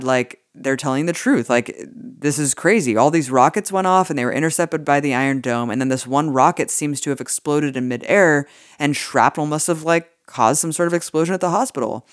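A woman's voice: deep voice, no echo, studio quality. A woman co-hosting a political podcast, talking casually and indignantly, swearing freely and using many "like" fillers. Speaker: podcast co-host.

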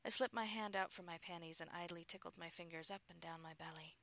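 A woman narrating a first-person erotic story in a soft, intimate murmur. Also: fairly low pitch, fairly even intonation, fast, vocal fry, hardly any pauses.

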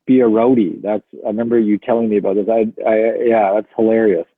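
A man's voice: on the low side, fast, no echo. Man on a tinny phone line. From Canada. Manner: dry, deadpan jokes, swears. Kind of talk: casual chat.

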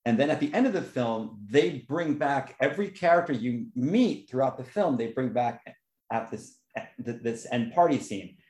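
Man, casual podcast chat, expressive storyteller, recorded in a roomy echo. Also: normal speed. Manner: animated storyteller, voice jumps high for quoted reactions. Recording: echoey room.

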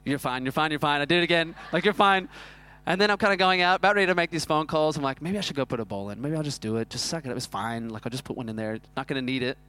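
A man, preaching a sermon that is built around a self-mocking personal story told in an animated way. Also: a little high, racing, few pauses, clear, resonant tone. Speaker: pastor.

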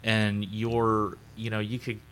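Casting note: a young male game master, low-pitched, forceful tone, casual rambling narration. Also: completely flat delivery, takes it slowly.

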